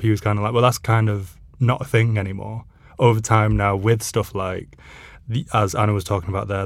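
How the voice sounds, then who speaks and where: A young man with a mild Salford accent, co-hosting a podcast. His voice is fairly low, and he tells stories in a chatty way, full of "like"s. The recording is dry. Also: dry recording. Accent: mild Salford, mostly unlearned. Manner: chatty storyteller, with many "like"s. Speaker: journalist, podcast co-host. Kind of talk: casual chat.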